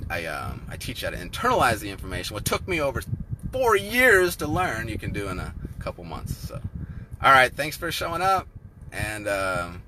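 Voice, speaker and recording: A man who coaches weight loss, talking casually on a live stream in an animated, ranting way and often repeating himself. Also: on the low side, background noise.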